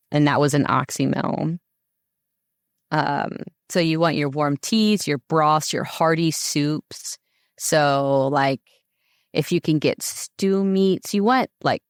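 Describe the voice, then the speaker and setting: A woman's voice: deep voice, gravelly, no room sound, studio quality. A woman speaking as a podcast guest, giving casual advice in a rambling way with many fillers. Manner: rambling, filler-heavy talk. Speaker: podcast guest, mother and herbal maker.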